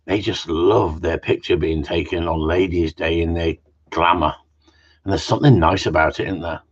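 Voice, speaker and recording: A man's voice: low-pitched, fairly even intonation, normal speed, slightly rough. A man hosting a casual live Q and A, rambling and jokey, swearing freely and tagging questions onto his remarks. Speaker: host of a live Q and A. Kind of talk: casual live-stream chat. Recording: muffled lo-fi audio.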